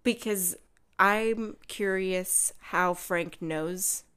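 A woman's voice: mid-range voice, drawn-out words, clean tone. A woman co-hosting a podcast, chatting casually about a film and acting out lines from its scenes. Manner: animated, acts out quotes from scenes. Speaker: podcast co-host.

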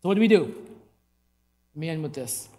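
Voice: medium pitch, animated, a little fast, mellow. A preacher delivering an emphatic sermon, asking the congregation rhetorical questions. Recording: long hall reverb.

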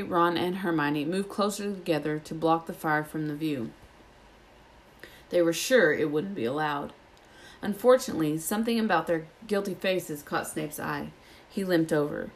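A woman reads a children's novel aloud, keeping an even, steady storytelling pace. Her voice sits a little low for a woman. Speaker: audiobook reader.

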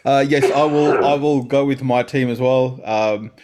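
Young male podcast host, casual, dramatic sighs and exclamations, average pitch. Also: fairly even intonation, unhurried, darkish tone. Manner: exclaims and groans, running the picks. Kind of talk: casual chat, reading out game picks.

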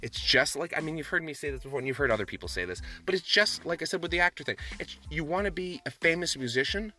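A man's voice: a little high, expressive, pushed and bright, faint music behind. A man hosting a solo podcast, talking with passion and emphasis, often restarting his sentences. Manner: passionate, emphatic, talks fast with many restarts. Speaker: podcast host.

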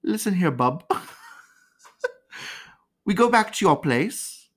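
A woman's voice: lowish voice, big pitch swings, slow, husky, pitched above the performer's own voice, full character voice. A woman putting on a brash, flirty man from Essex, with an Essex accent. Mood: cocky. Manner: crude, swaggering.

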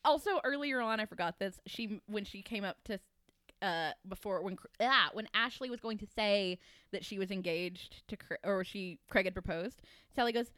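A woman from Kentucky, a guest author chatting on a podcast, animated and quick to act out characters' lines. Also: mid-range voice, dry recording, studio quality. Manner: animated, acts out characters' lines, many fillers. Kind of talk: casual podcast chat.

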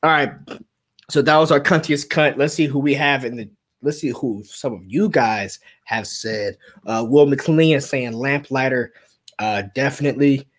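A man's voice: medium pitch, a little slow. A man co-hosting a casual aftershow podcast, ranting profanely and acting out quotes. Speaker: aftershow co-host.

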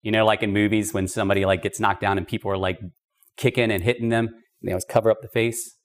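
A man's voice: fairly low pitch, flat delivery, fast. A man teaching a podcast Bible study in an emphatic, conversational way, with casual asides. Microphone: podcast microphone.

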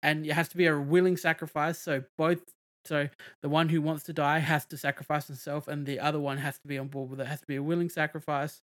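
Casual male podcaster, somewhat high-pitched, loose rambling delivery with fillers. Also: flat delivery, quick pace, a bit bright. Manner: rambling, many fillers and restarts. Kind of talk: casual movie review chat.

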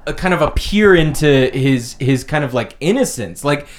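A man co-hosting a casual film podcast, animated and hedging with fillers. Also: on the high side, moderate pace, a little hiss or hum. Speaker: podcast co-host.

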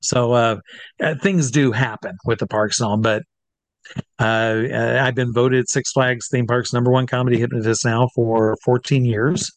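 Brief: middle-aged male showman recounting a story with lively acted asides, mid-range voice, dry recording. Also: medium pitch, normal speed, no echo. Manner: animated, acts out voices in his stories. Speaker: comedy stage hypnotist. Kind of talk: storytelling in an interview.

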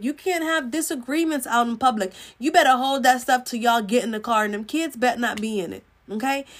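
A woman, giving relationship advice to women in an emphatic, preachy way that acts out what people say. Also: sits high. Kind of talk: livestream advice talk.

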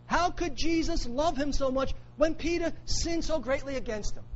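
A man's voice: very high-pitched, moderate pace, few pauses, muffled recording, a little hiss or hum. A man preaching a sermon, emphatic, repeating key phrases for weight. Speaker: pastor.

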